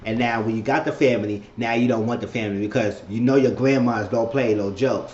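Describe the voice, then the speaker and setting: A man's voice: medium pitch, a little mellow. A man talking through a TV episode in a loose, opinionated way, jumping in to voice the characters as he retells each scene. The sound is dull and lo-fi, with an echoey room around him and a faint hiss of noise underneath. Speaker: TV episode recap vlogger. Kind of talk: casual spoken recap.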